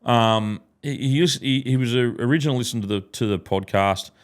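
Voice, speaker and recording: A man's voice: mid-range voice, brisk. An Australian man and podcast host, chatting casually in a studio and telling rambling stories full of swearing and restarts.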